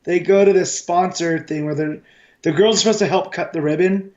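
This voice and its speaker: A man co-hosting a casual TV review podcast, amused and quick to chime in. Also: high voice, fairly even intonation, a little mellow, dull audio. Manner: amused, chiming in with quick agreement. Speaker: podcast co-host.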